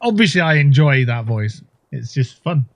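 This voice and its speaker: A man's voice: medium pitch, very animated, moderate pace. A man hosting a livestream, talking in a rambling, crude, jokey way while he plays a game. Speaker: livestream host. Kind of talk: casual gaming livestream chat.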